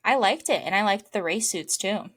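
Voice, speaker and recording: A woman's voice: mid-range voice, normal speed, a bit bright, slightly rough. A young woman co-hosting a podcast, chatting casually with wry, sarcastic asides. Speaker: podcast co-host. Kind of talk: casual chat.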